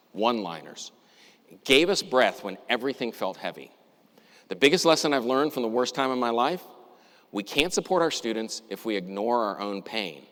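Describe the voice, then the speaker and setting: A middle-aged man telling a personal story in a talk, reflective and measured, with deliberate pauses. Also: lowish voice, fairly bright tone. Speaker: university administrator giving a talk. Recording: long reverb, as in a hall.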